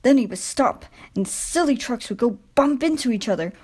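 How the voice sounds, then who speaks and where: A woman reading a children's railway storybook aloud, gentle and expressive. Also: a little high, moderate pace, breathy edge. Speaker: storybook narrator.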